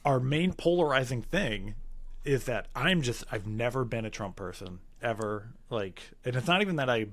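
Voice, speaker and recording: A man's voice: medium pitch, lively intonation, normal speed. Easygoing man on a comedy podcast. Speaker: podcast co-host. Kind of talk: casual chat.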